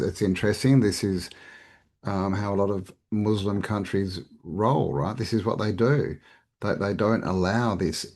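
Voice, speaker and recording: A man's voice: fairly low pitch, a little mellow. A man hosting a reaction show, giving casual, rambling commentary with chuckles and restarts. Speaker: reaction channel host. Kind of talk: casual commentary on played clips.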